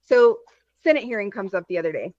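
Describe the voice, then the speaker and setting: A woman from Texas chatting as a guest, telling stories in an animated, rapid way over a video call. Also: mid-range voice, no echo, muffled recording. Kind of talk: casual chat.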